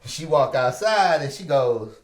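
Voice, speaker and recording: A man hosting a podcast, telling a story with lively energy, acting out the dialogue and laughing often. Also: fairly high pitch, unhurried. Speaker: podcast host. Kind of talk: animated storytelling chat. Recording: roomy echoey room.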